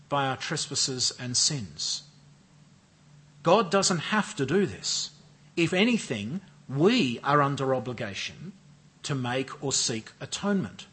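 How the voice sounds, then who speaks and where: A man preaching an expository sermon with a measured, emphatic delivery, often repeating and stressing key phrases. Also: on the high side, a bit bright, slightly rough.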